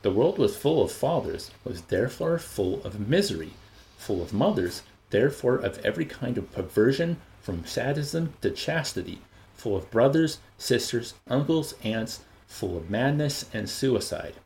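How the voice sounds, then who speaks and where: A man reading a novel aloud with an expressive, animated delivery. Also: mid-range voice, normal speed, rough recording. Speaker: audiobook reader. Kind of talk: novel reading with voiced characters.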